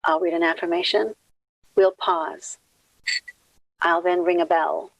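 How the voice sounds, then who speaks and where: A woman minister leading a guided meditation, speaking gently and unhurriedly as she counts out breaths. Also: lowish voice, level tone, measured pace, gravelly, low-quality recording.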